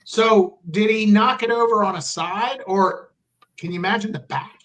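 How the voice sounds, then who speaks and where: Deadpan analytical man, distant mic. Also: high-pitched, normal speed. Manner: mock-analytical, deadpan reasoning. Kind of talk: casual chat.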